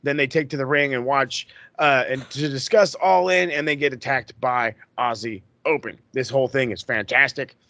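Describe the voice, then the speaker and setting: A man hosting a podcast, recapping in a casual, excitable, profane way that rambles. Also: mid-range voice, moderate pace, hardly any pauses, no room sound. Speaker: podcast host.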